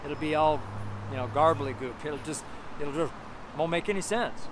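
A man's voice: a little high, moderate pace. A man preaching a street sermon outdoors by a busy intersection, talking in an earnest, rambling way with many fillers and restarts. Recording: noisy street recording with traffic. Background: loud traffic noise.

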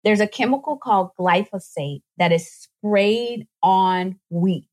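A woman guest on a podcast, explaining nutrition in a casual, animated way and acting out little voices as she goes. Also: mid-range voice. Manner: animated, acts out voices in quick asides.

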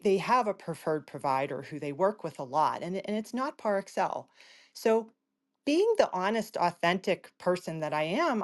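A woman with a low voice tells a personal story as a patient advocate on a panel. She talks in an animated way and acts out the people in the story with sudden leaps in pitch.

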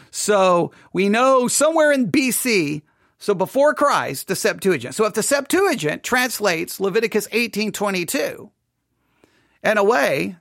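A man's voice: sits high, creaky, fairly bright tone, no echo, studio quality. A man reading a string of verses aloud at speed, then thinking aloud with restarts and fillers as he looks things up. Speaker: commentator. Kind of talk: reading aloud and casual commentary.

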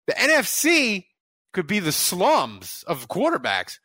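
A man co-hosting a podcast, bantering in a lively, jokey way. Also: high-pitched, slow pace, no echo. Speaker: podcast co-host. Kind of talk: casual sports chat.

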